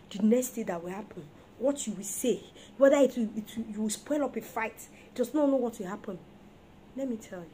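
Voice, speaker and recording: A woman's voice: a little high, fairly quick, dark tone, a little hiss or hum. A woman preaching an emphatic sermon on marriage, firing rhetorical questions at her listeners.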